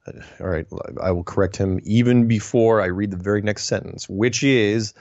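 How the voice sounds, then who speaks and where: A man hosting a solo show, reading listener emails and answering them in a wry, digressive way with puns and quick self-corrections. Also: lowish voice, a little mellow, no room sound, highs cut off. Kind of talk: casual solo commentary.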